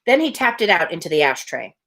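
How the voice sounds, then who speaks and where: A woman's voice: on the low side, sing-song, fast talker, fairly bright tone, husky. A woman reading a short story aloud to listeners, breaking off for casual, chatty asides. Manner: chatty, laughing asides between passages. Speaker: reader.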